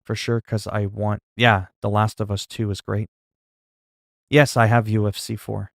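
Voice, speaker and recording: A gaming livestreamer chats casually into a desk mic, rambling, joking and reading the chat aloud. His voice is fairly low, level and unhurried, with vocal fry, and the studio sound is clean with no echo.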